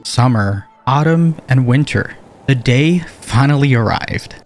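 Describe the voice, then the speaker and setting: A man hosting a gaming video, with goofy, excitable let's-play commentary. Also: mid-range voice, a little slow, faint music behind. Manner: goofy, excitable, big emotional swings. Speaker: gaming YouTuber.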